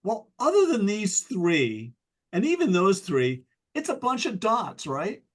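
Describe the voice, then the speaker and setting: An American man with a somewhat high voice giving a relaxed club presentation. He talks in a loose, self-deprecating way and often stops to restart his sentences. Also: measured pace. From United States. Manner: casual, chatty and self-deprecating, with many ums and restarts. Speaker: guest speaker.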